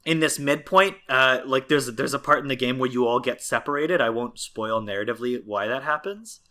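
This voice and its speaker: A man co-hosting a podcast in an easy, casual way, his voice bright and forward. He rambles, circles back and fills gaps with filler words as he explains. Mid-range pitch. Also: brisk. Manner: rambling, many fillers and restarts. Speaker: podcast co-host. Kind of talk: casual chat.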